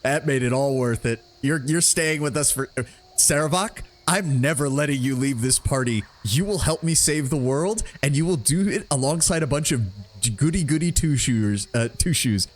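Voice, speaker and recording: A man's voice: fairly high pitch, moderate pace. A man commentating on a game live, casual, laughing often and swearing freely. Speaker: streamer playing a game.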